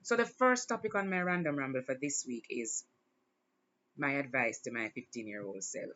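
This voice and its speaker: A woman's voice: a bass voice, animated, normal speed, a bit bright, highs cut off. A woman hosting her own show, talking in a casual, reflective monologue and smiling through emotion. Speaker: podcast host.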